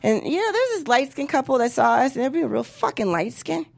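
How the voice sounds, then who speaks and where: High-voiced woman comic in her thirties, blunt. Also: sing-song, fairly quick, gravelly. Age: 30s. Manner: blunt, profane, punchy delivery. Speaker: stand-up comedian. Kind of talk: stand-up comedy set.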